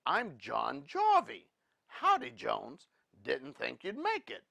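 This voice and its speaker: A man's voice: mid-range voice, wildly swooping pitch, takes it slowly, vocal fry, sharp tone, full character voice. A man voicing a jovial Scottish storekeeper with a thick Scots brogue, greeting guests heartily. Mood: welcoming.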